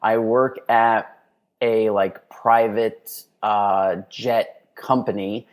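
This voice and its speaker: A man's voice: lowish voice, fairly even intonation, very slow. A man co-hosting a podcast in casual chat, telling rambling, joking stories over a remote call. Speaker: podcast co-host. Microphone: remote call mic.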